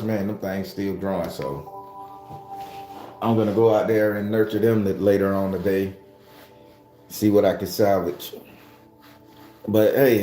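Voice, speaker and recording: A man with a lowish, dark voice hosts a morning prayer stream, chatting to his viewers in a loose, rambling, profane, casual way. The room is echoey, with faint music in the background.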